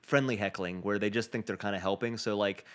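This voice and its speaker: A man's voice: fairly low pitch, fairly even intonation, fairly quick, fairly bright tone. A young man telling a story in a podcast interview, acting out the people he quotes. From Boston. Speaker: comedian guest.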